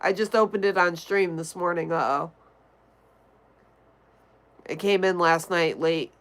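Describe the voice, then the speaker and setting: A woman's voice: on the low side, a little slow, fairly bright tone, low-quality recording. A young woman from Connecticut hosting a casual livestream, chatting and greeting viewers by name as she reads the chat. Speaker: livestream host.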